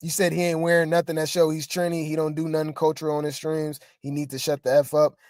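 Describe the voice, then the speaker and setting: A woman's voice: low voice, level tone, quick pace, darkish tone, no echo, studio quality. A woman hosting gossip commentary in a casual, sassy way, often repeating her phrases.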